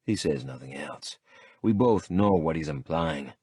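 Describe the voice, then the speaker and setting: Low, husky male audiobook narrator. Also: animated, unhurried, darkish tone, dry recording, clean studio sound. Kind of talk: first-person audiobook narration.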